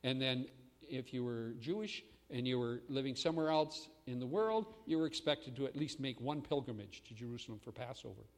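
A man's voice: medium pitch, animated, fairly quick. Dramatic preaching man in an echoey hall. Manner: dramatic preaching, swinging from loud to hushed. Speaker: pastor. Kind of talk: sermon.

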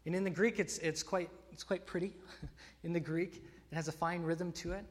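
A man's voice: on the high side, steady tone, normal speed. A man preaching a sermon, earnest and emphatic, often restarting phrases with fillers. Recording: long hall reverb.

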